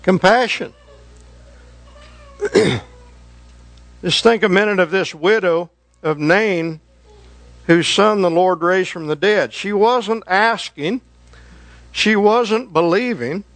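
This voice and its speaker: A man delivers a sermon in a slow, deliberate, earnest way. His voice sits high for a man and climbs higher when he presses a point. The sound is dry and close, with no room around it. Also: fairly bright tone, no echo. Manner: slow, earnest preaching that rises in pitch for emphasis. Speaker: preacher.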